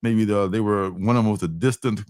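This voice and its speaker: A man's voice: on the low side, steady tone, brisk, darkish tone, dry recording, clean studio sound. A man hosting a comic book livestream in casual chat, rambling with many fillers and restarts.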